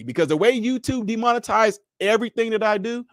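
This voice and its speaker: A man's voice: sits high, animated, quick pace, dry recording, clean studio sound. Emphatic man hosting a livestream. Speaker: livestream host. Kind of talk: casual livestream talk to viewers.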